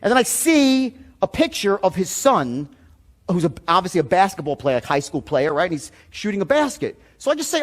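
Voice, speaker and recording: A middle-aged man giving a sales seminar, telling stories in an animated, blunt way full of profanity. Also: high-pitched, moderate pace. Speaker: sales trainer. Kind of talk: seminar talk.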